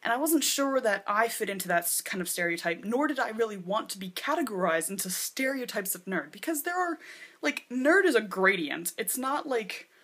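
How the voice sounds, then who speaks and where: A woman's voice: medium pitch, animated, normal speed, a bit bright, breathy edge. A woman in her twenties talking casually to a camera in her bedroom, rambling and chatty, filling her sentences with "like". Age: 20s. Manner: chatty, rambling, lots of "like" and acted-out quotes. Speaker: vlogger. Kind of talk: casual vlog chat. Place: bedroom with posters.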